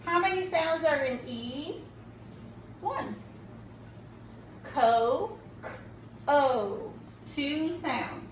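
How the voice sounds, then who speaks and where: A high-voiced woman teaches reading at an unhurried pace, pausing often to ask "okay?". Her voice sounds set back from the microphone in a room with noticeable echo. A faint background hum sits under her speech. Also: animated. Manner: slow and patient, checks in with "okay?". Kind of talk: recorded phonics tutorial. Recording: echoey room, mic at a distance.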